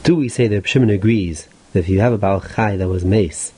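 A man, a rabbi, teaching a Talmud lesson in a steady explanatory way, stressing key points. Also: on the low side, fairly quick, slight background noise. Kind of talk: Talmud lecture.

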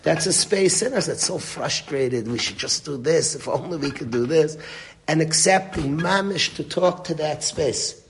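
A man's voice: fairly high pitch, lively intonation, moderate pace. A man giving a Torah lecture to a group, speaking earnestly and mixing Hebrew and Yiddish words into his English. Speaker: rabbi teaching a Torah class.

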